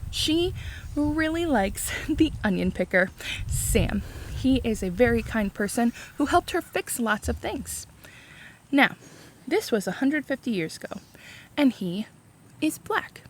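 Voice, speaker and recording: A woman reading a chapter book aloud for a read-along, expressive and explaining the story in simple terms. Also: on the high side, measured pace, slight background noise.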